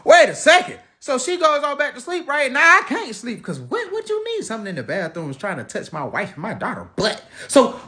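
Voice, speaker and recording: A man telling a funny family story in a casual, animated way, sometimes dropping into low mumbled asides. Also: a little fast, few pauses.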